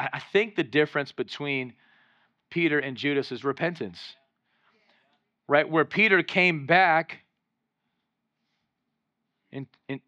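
A man's voice: fairly high pitch, sharp tone, dry recording, muffled recording. A male pastor preaching a sermon, exhorting the congregation and acting out voices in his retellings. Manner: acts out voices when retelling scenes.

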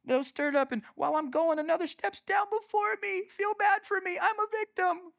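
A man's voice: high-pitched, unhurried, vocal fry, a bit bright, clean tone, pitched above the performer's own voice, exaggerated voice. A man putting on a whining self-pitying lame man. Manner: whiny, hesitant, pleading.

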